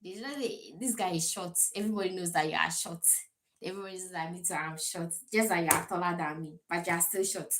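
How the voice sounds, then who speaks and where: A young Ghanaian woman with a Ghanaian accent, telling stories to camera in a chatty, animated way and laughing between remarks. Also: fairly low pitch, fast talker. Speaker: vlogger. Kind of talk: casual storytelling to camera. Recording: echoey room.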